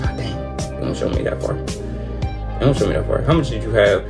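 A man's voice: fairly low pitch, moderate pace. A young man hosting a football reaction, ranting in casual slang and repeating himself when frustrated. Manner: exasperated, repetitive, slangy rants. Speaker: sports reaction host. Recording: music playing behind the voice.

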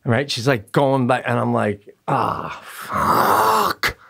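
A man's voice: medium pitch, fairly even intonation, normal speed, vocal fry. A man co-hosting a podcast who tells stories in casual chat, swearing freely and laughing often. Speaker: podcast co-host.

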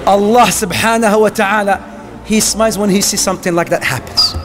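A man giving a lively sermon about marriage, acting out small everyday scenes as he goes. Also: sits high, a little fast, over music. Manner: animated, acts out little scenes. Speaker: preacher.

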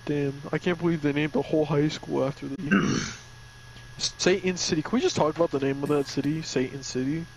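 A man's voice: a little high, fairly even intonation, a little fast, vocal fry. A man chatting casually with friends, rambling and joking. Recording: noisy amateur recording.

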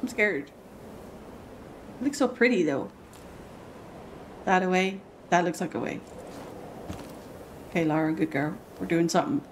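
Excitable British woman streaming a game. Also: lowish voice, measured pace, pauses often, slight background noise. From Britain. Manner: excitable, gushing, chatty. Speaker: gaming streamer. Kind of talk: casual gameplay commentary.

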